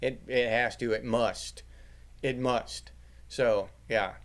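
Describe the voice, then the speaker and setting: A man's voice: mid-range voice, steady tone, slow pace, fairly bright tone. A middle-aged man hosting a livestream, chatting casually with his viewers and joking crudely with plenty of swearing. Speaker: livestream host reading chat.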